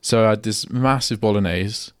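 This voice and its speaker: Smooth and on the low side, the voice belongs to a young radio host doing a solo show from the studio. He rambles casually at a moderate pace, frequently stopping partway through sentences. The audio is dry and studio quality.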